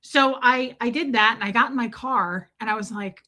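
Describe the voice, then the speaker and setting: A woman's voice: on the high side, fast, hardly any pauses, pushed and bright. A woman hosting a live stream from home, telling a story to her chat in a chatty, blunt way and swearing freely.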